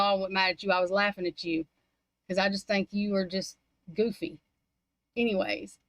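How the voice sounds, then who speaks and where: A woman's voice: medium pitch, a bit bright, dry recording, rough recording. A woman chatting casually on a livestream in a rambling, blunt, heavily profane way. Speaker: livestream chat participant. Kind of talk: casual chat.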